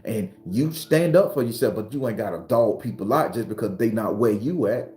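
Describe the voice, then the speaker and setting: With a lowish, expressive voice at moderate pace, a man hosting his own spiritual channel delivers a fiery motivational speech full of swearing and bluntness. His preachy delivery climbs to shouting as he recounts arguments, over faint music in a roomy-sounding recording.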